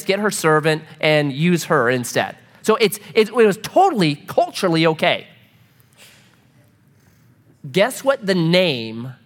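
A middle-aged man preaching a joking, animated sermon to a congregation. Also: sits high. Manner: animated, joking, acts out quoted voices. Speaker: pastor. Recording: reverberant hall.

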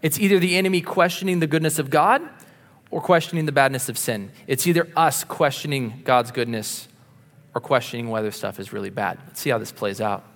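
A man preaching a sermon, earnest and insistent, moving between punchy emphasis and quiet asides. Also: medium pitch, brisk, long reverb tail. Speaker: pastor.

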